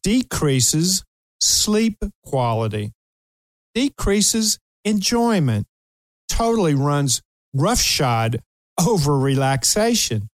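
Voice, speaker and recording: This talk show host, an older man from Kentucky, speaks slowly in a slightly high voice with no room sound. He's an animated storyteller spinning a comic tale, full of laughter and acted-out quoted voices.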